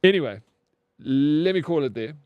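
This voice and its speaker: A man's voice: a little high, animated, normal speed, clear, resonant tone, no echo, narrow, tinny audio. A man, streaming and chatting casually with viewers, rambling with lots of "bro" and casual swearing. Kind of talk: casual stream chat, reading chat aloud.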